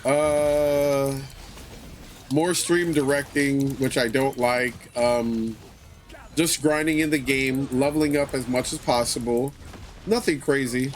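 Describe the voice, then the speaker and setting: A man hosting a livestream, chatting casually with viewers in a relaxed way, swearing often and repeating his phrases. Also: mid-range voice, takes it slowly, soft background music. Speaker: livestream host.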